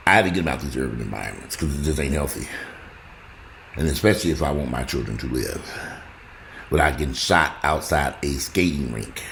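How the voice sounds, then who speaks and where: A man talking casually to his viewers, rambling and joking, swinging between loud exclamations and low asides. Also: gravelly, a little hiss or hum. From United States. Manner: rambling, joking, talks straight to the audience. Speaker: vlogger.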